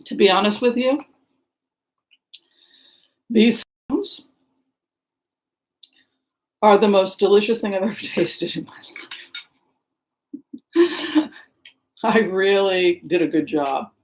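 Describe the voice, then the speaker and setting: A woman's voice: medium pitch, lively intonation, takes it slowly, long pauses, darkish tone, rough recording. Chatty middle-aged woman hosting a livestream. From Seattle area, Washington. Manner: chatty, rambling, greets viewers by name. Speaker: livestream host. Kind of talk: casual chat with live viewers.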